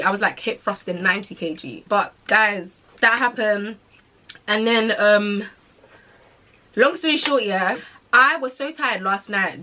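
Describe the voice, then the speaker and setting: This twenty-something podcast host from the United Kingdom uses London slang and a British accent as she casually narrates a story for her listeners. Her medium-pitched voice sounds pushed and bright, over a little hiss or hum.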